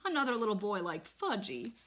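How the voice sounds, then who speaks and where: A woman voicing a gentle, amused mother who speaks fondly. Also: mid-range voice, sing-song, brisk.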